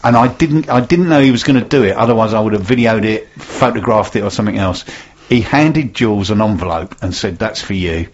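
A man's voice: lowish voice, fairly quick. A man hosting a local business radio show, in jokey, rambling, upbeat banter. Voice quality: husky. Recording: dull lo-fi radio recording.

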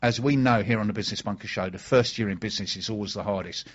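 Husky, chatty radio host. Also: male voice, on the low side, fast talker, muffled recording. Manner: chatty, enthusiastic, storytelling. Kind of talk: casual radio chat.

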